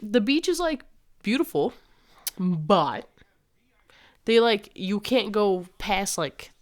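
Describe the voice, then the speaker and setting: A young woman tells a story to camera in a loose, chatty way, dropping slang and curse words as she goes. Her pitch jumps around a lot. She acts out the lines of the people in her story. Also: takes it slowly. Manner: animated, swears freely, slangy, acts out quoted dialogue. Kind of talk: casual storytime vlog.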